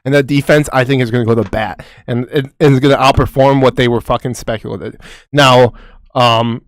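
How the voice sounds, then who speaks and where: Dude on a football podcast, swears a ton, laughs a lot, dry close mic. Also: male voice, medium pitch, fairly even intonation, brisk, no echo. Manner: profane, laughing, hyped. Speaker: podcast co-host. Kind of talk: casual sports chat.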